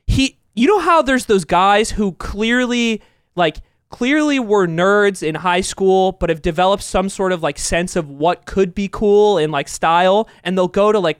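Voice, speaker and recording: A man's voice: high-pitched, clear, resonant tone, no room sound, clean studio sound. A young man co-hosting a podcast, telling a rambling story with lots of laughs and swearing. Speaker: podcast co-host. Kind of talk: casual storytelling.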